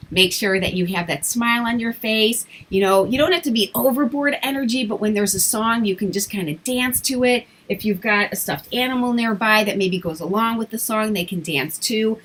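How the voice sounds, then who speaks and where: A woman who teaches English online, giving casual tips in a vlog and sounding out words slowly and clearly as she would for young children. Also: mid-range voice, a bit bright, poor audio. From English-speaking country.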